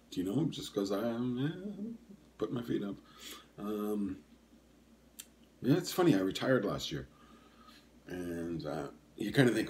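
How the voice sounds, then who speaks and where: Low-voiced rambling older man hosting a podcast. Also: darkish tone, a little hiss or hum. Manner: rambling and hesitant, full of ums and self-corrections. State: coughing and sniffling. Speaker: podcast host. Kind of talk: casual solo podcast chat.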